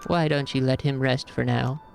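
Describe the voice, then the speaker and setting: A man voicing a gentle middle-aged mother who speaks softly and reassuringly. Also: medium pitch, fairly even intonation, moderate pace, gravelly, soft background music, lightly acted. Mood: soothing.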